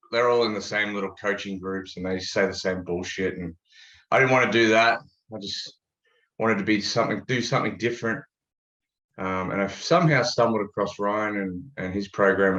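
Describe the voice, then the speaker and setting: A man's voice: lowish voice, normal speed, fairly bright tone. Laid-back Australian man, echoey room. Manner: laid-back, jokey storytelling. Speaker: guest. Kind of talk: casual interview chat. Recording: echoey, dull-sounding room.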